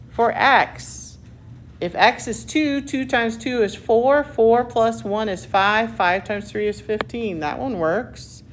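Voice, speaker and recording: A woman's voice: a little high, a little hiss or hum. A woman math teacher working through algebra problems step by step in a classroom, with a patient manner and the odd self-mocking aside. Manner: slow, patient step-by-step explaining.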